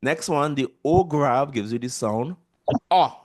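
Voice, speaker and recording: A man with a Trinidadian accent leads an online language class. He speaks patiently and says sounds slowly so his students can repeat them after him. His voice comes through a video call. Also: mid-range voice. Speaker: language teacher.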